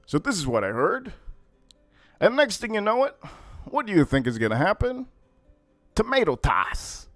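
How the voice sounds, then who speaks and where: A male livestream host with a fairly high, very lively voice tells stories in casual, cursing chatter. The sound is dry and close, with no room echo. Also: moderate pace, long pauses, faint music behind. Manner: profane, animated storytelling.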